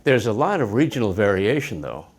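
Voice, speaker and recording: An American man with a rhotic accent co-teaching pronunciation, saying example words plainly and deliberately. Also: on the low side, big pitch swings. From United States. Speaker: English teacher, co-host. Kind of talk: scripted pronunciation lesson.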